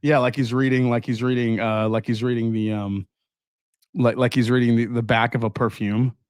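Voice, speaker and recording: A man's voice: mid-range voice, level tone, normal speed, smooth, no echo. Man, casual whiskey chat, profane and sarcastic, dry close sound. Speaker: whiskey reviewer and show host.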